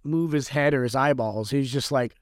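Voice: brisk, no room sound, clean studio sound. A podcast co-host recapping a book in a playful, jokey way. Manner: playful, jokey, swoops in pitch. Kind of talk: casual book podcast chat.

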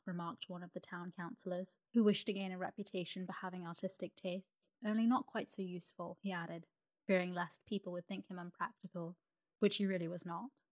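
A woman narrator reading a sleep story in a calm, even manner. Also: lowish voice, a little fast.

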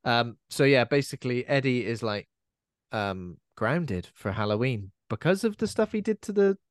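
Lively man chatting about films. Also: medium pitch, normal speed, no echo, studio quality. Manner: chatty, digressive, often quotes characters in silly voices. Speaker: podcast co-host. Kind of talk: casual film-review chat.

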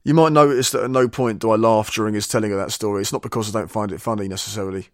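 A man's voice: fairly low pitch, steady tone, very fast, studio quality. A man hosting a podcast, chatting casually and wrapping up the episode alone. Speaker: podcast host. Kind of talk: casual chat and solo outro. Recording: roomy echo.

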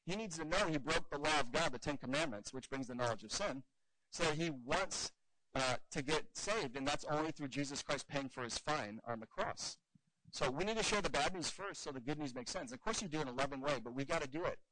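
A man teaching evangelism in an earnest, animated way, telling stories and acting out the dialogue. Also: fairly high pitch, fairly quick, background noise. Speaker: evangelism trainer.

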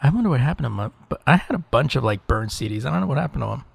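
A man's voice: mid-range voice, lively intonation, racing, creaky, husky, no echo. A man co-hosting a podcast, reminiscing in casual, rambling chat. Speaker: podcast co-host.

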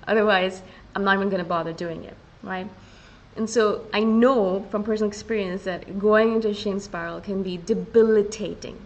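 A woman hosting a solo podcast, talking in a casual and earnest way and often slowing down to stress her point. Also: mid-range voice, a little hiss or hum, rough recording. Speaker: podcast host.

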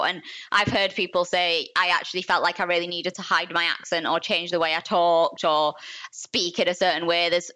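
A woman with a softened Yorkshire accent, giving opinions in casual podcast talk. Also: fairly low pitch.

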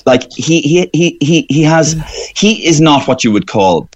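A middle-aged Irish comedian telling rambling anecdotes in a radio interview. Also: male voice, a little high, lively intonation, a little slow, lo-fi sound. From Ireland. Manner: rambling, anecdotal, slips into character voices. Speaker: comedian and impressionist.

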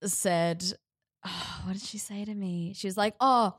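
A woman's voice: medium pitch, no echo, clean studio sound. Joking young woman co-host. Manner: quick, joking interjections. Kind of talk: casual chat.

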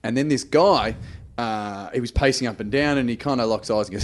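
A man's voice: mid-range voice, brisk. Australian man telling a comic story. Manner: storytelling, laughs often. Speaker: comedian guest. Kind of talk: casual comedic chat.

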